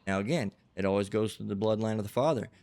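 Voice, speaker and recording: A man's voice: fairly low pitch, fast talker, a little mellow. A man giving a rambling religious lecture, tagging his points with "okay?" and "all right?". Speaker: religious teacher.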